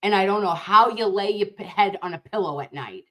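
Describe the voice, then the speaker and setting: Outspoken woman livestream host, nurse by trade; blunt, profane, passionate, quick to outrage while she reads the chat. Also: medium pitch, fairly bright tone. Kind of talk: casual livestream chat reading viewer comments.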